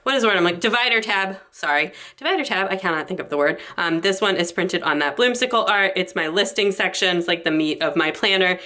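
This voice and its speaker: A bubbly young woman rambles happily through a planner flip-through, sounding a little out of breath. Her voice sits on the low side and comes across bright and forceful. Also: quick pace, hardly any pauses. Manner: bubbly, rambling, lots of fillers. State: slightly out of breath. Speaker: planner vlogger.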